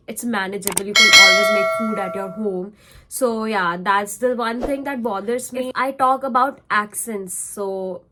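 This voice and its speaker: A woman's voice: a little high, fairly bright tone. A young woman with an Indian English accent gives chatty, step-by-step advice to students in a casual vlog, now and then switching into Hindi. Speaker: vlogger, international student.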